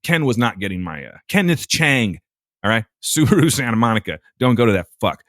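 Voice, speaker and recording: Here a man with a mid-range voice talks fairly quickly, co-hosting a podcast and recounting a story with casual exasperation and plenty of profanity. It's a dry, studio-quality recording.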